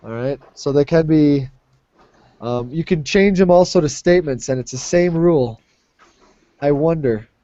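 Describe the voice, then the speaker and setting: Upbeat male English teacher, mellow tone. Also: fairly high pitch, normal speed, dry recording, dull audio. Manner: patient, explains by modeling phrases aloud. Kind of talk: classroom teaching.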